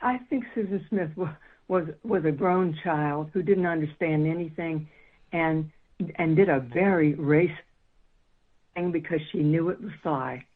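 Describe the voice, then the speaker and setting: A woman in her seventies from South Carolina, a guest calling in who talks fast and earnestly, repeating words. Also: deep voice. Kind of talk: call-in interview. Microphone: phone. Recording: tinny phone line.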